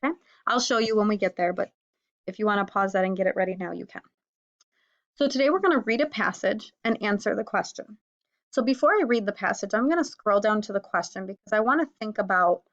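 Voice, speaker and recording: A woman teacher calmly walking her students through a reading lesson one step at a time. Her voice sits at an ordinary middle pitch. The recording sounds a bit dull and lo-fi. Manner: patient, step-by-step explaining.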